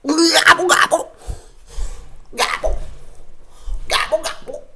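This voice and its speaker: A man's voice: very high voice, steady tone, slow pace, bright, forceful tone, pitched above the performer's own voice, heavily acted. A man imitating a silly gobbling male turkey, with repeated gobble sounds. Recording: echoey room.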